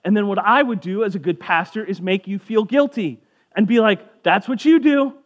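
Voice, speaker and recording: A man's voice: sits high, normal speed, highs cut off. A man giving a casual sermon as a pastor, conversational and jokey, briefly acting out voices of people in the story.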